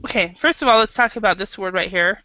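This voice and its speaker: A woman's voice: medium pitch, fast talker, sharp tone. An American woman teaching an English class, patient and hesitant, with many fillers and restarts. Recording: dull lo-fi classroom recording.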